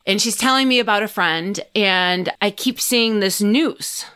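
A woman's voice: mid-range voice, a little slow, pushed and bright, smooth. A woman guest on a podcast, telling a story in a casual chat, acting out what people said and swearing freely. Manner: chatty, acts out her own and others' lines, swears freely.

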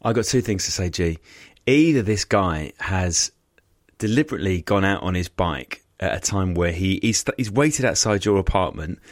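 A man with a lively, bouncing delivery reads a podcast ad and then teases his co-host with jokes. The sound is dry and close to the mic. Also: low voice, normal speed, dry recording. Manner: jokey, teasing, lively intonation. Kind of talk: casual chat and read ad.

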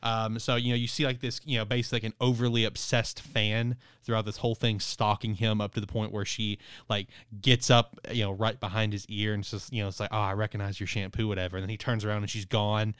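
Brief: laid-back male podcaster, rambling and cussing, smooth mid-pitched voice. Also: little pitch movement, fast talker, hardly any pauses, fairly bright tone, dry recording, studio quality. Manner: rambling, filler-heavy, swears freely. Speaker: podcast co-host. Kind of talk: casual chat reviewing a manga.

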